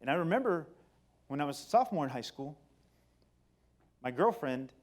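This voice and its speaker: A middle-aged man giving a personal storytelling talk on stage, animated, moving between loud excited bursts and quiet low passages. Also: normal speed. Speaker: company speaker. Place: stage before an audience.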